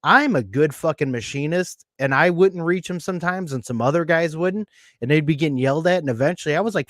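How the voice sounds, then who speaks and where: A man's voice: on the high side, a little fast, a bit bright, dry recording, studio quality. A man hosting a podcast, speaking bluntly with heavy swearing and frequent laughter. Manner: blunt, profane, laughs often. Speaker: podcast host. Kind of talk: casual podcast chat.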